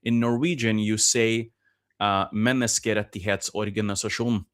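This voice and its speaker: Man, grew up in Norway, casual podcast talk, patient explaining, lots of pauses, a bit low pitched. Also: fairly bright tone. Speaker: podcast guest. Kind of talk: casual conversational interview.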